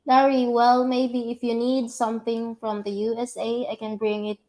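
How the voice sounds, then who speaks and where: A woman co-hosting a casual livestream, reading viewer comments aloud with brief soft interjections. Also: a little high, little pitch movement, moderate pace.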